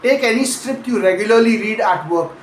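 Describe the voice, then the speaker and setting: High-voiced male accent coach, echoey room. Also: fairly quick, a little hiss or hum. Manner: explanatory, demonstrates word stress by example. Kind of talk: pronunciation lesson.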